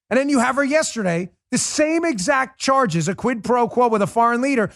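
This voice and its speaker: A man's voice: very high-pitched, expressive, brisk, dry recording, clean studio sound. A man hosting a political talk show, delivering a heated, scornful monologue. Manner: combative, ranting, scornful.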